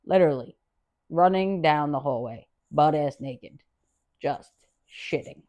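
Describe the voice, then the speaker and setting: A woman hosting a podcast, telling a wild story in a casual, profane rant, swinging from loud and laughing to low, quiet asides. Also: lively intonation, slow, dull audio. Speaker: podcast host.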